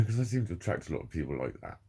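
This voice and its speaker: A man's voice: on the low side, very animated, quick pace, gravelly, mellow, slightly rough. A man in his forties talking candidly and emotionally to camera, swearing heavily in a confessional monologue. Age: 40s. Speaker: vlogger.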